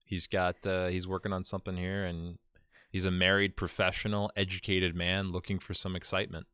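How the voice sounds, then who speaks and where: A man's voice: low voice, little pitch movement, brisk, pushed and bright, clean tone, no echo. A man co-hosting a casual chat show, joking and reading dating profiles aloud with mock drama. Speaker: podcast co-host.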